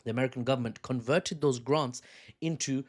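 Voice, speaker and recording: A man's voice: mid-range voice, a little fast. Man joking through economics commentary. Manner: jokey, laughs at own jokes; rambling with asides and restarts. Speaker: news commentator. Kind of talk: casual explainer commentary.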